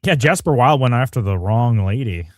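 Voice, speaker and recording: A man's voice: medium pitch, expressive, moderate pace, dry recording, clean studio sound. A man co-hosting a casual livestream, laid-back and laughing, thanking viewers in chat. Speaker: podcast co-host.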